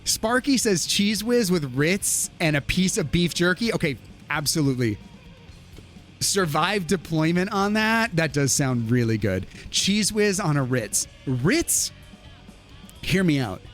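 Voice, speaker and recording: A man's voice: fairly high pitch, a little slow. A man hosting a livestream, chatting casually and reading viewer comments aloud, laughing often. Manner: animated, laughs often, lively. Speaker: livestream host. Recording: faint music behind.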